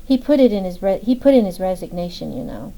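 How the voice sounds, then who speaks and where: A woman's voice: mid-range voice, animated, quick pace, vocal fry, warm tone, rough recording. A woman voicing a grieving young woman federal agent in an audiobook, speaking tearfully and with raw emotion. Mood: bitter.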